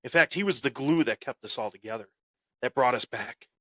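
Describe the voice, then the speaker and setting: A man hosting a wrestling podcast and telling a story with boastful heel bravado. He breaks into sudden loud bursts and often repeats and restarts his phrases. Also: medium pitch, fairly quick, dry recording. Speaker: podcast host.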